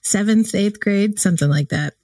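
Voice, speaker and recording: A woman's voice: mid-range voice, normal speed, slightly rough, dry recording. A woman co-hosting a podcast in casual chat, telling stories with animation and frequent laughter. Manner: animated storytelling, laughs often. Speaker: podcast co-host.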